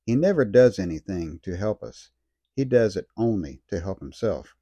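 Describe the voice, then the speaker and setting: A man preaching with a dark, husky voice that rises and falls with lively pitch. He talks earnestly and slows down to stress key words. The recording is dry and close. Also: dry recording. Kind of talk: sermon.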